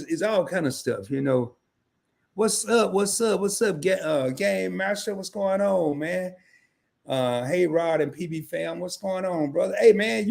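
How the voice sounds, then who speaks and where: A livestream host with a voice on the high side and some vocal fry runs a casual travel stream. He's animated, chatting with viewers, greeting them by name, and acting out little quoted dialogues.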